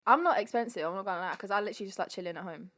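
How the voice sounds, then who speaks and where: A woman's voice: medium pitch, very fast, fairly bright tone. A young woman in a casual podcast chat, argumentative and teasing, laughing as she makes her point. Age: young adult. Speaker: podcast guest.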